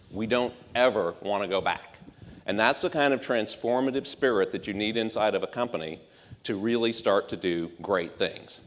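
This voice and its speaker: Male marketing exec, on stage, sells the keynote with rhetorical punch and dry wit, deeper voice carried by long hall reverb. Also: fairly bright tone. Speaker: marketing executive giving a conference talk. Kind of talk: conference keynote speech.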